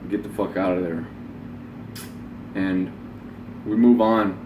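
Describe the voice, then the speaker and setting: A man's voice: low-pitched, fairly even intonation, slow, a little mellow, a little hiss or hum. Blunt swearing young man in an echoey room. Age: 20s. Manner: blunt, swears freely, rambling with restarts. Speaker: self-help vlogger. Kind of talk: casual motivational monologue. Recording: roomy echo, voice from the mic.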